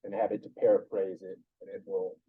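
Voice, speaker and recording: Man co-presenting, mid pitch, telling stories, mic a bit far off. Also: little pitch movement, brisk, phone-quality sound. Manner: anecdotal, conversational. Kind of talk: conference talk. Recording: distant mic.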